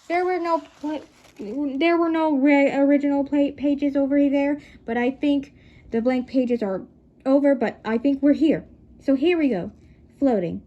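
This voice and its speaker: High-voiced woman reading a novel aloud. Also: mellow. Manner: stumbling, self-correcting, chatty asides. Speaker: reader. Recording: dull lo-fi recording.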